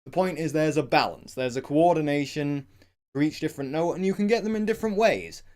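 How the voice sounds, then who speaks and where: A man talks through singing technique in a loose, conversational way, padding his points with "you know". His speaking voice sits a little high and sounds smooth and resonant. Now and then he stops to sing a short demonstration. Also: fairly quick. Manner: conversational, many "you know" fillers, rambling asides; breaks into short sung and shouted vocal demos. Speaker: singing vlogger. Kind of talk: casual spoken explanation of singing technique.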